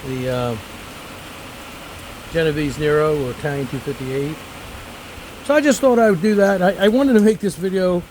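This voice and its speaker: A man in his seventies, a former teacher who grows figs, chats casually for a garden vlog while picking figs outdoors among the trees, rambling off on tangents. His voice is a little high, with slight background noise on a low-quality recording.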